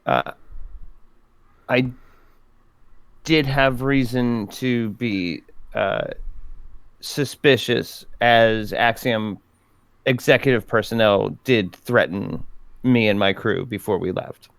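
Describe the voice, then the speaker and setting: A man speaking in character as a tabletop game player, halting and breaking into laughs. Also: lowish voice, creaky, clean tone, no room sound. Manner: halting, with frequent fillers and laughter. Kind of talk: in-character tabletop role-play.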